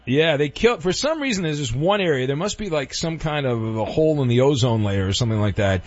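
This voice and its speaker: A man's voice: medium pitch, animated, a little fast, no echo, muffled recording. A middle-aged man hosting a call-in sports talk radio show, joking and teasing callers with playful bluster.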